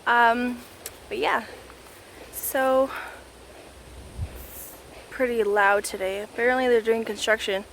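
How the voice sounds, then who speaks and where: A woman's voice: a little high, steady tone, takes it slowly, long pauses, fairly bright tone. A Canadian woman vlogging casually on a walk through the woods, out of breath and rambling with lots of fillers. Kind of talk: casual vlog chat while hiking. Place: woods outdoors. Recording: faint outdoor background noise.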